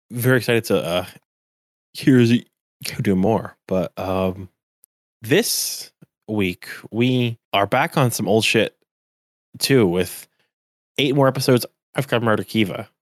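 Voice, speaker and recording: Male podcast co-host, lowish pitch, dry mic, rambling casual delivery. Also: measured pace, long pauses, no room sound. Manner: rambling, heavy use of "like" fillers. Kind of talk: casual chat.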